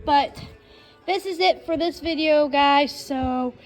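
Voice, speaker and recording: A woman's voice: high voice, slow, soft background music, low-quality recording. A woman chatting casually to her viewers while walking around a backyard outdoors, filming herself on a phone. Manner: chatty, talks to viewers as guys. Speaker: vlogger. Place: outdoors in a backyard with trees and chickens. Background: faint wind noise.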